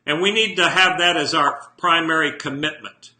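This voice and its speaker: A man's voice: a little high, moderate pace, sharp tone, echoey room. A man speaking as a motivational speaker in a live video monologue from his home office, talking bluntly and emphatically and putting direct questions to his viewers.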